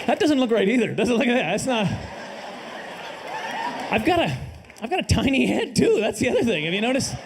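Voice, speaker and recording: A middle-aged Canadian man doing a live stand-up set, dry and self-deprecating, now and then bursting into loud put-on voices. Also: very high voice, sing-song, fairly quick, creaky, crowd noise, background noise. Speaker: stand-up comedian. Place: comedy stage before a live audience.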